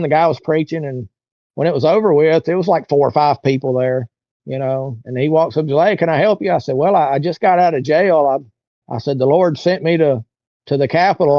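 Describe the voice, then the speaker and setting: A man's voice: on the high side, dry recording. Guy rambling through a story in an interview, doing everyone's lines, dry muffled audio. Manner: rambling, acts out other people's lines in raised voices. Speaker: interview guest. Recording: dull, lo-fi, dry sound.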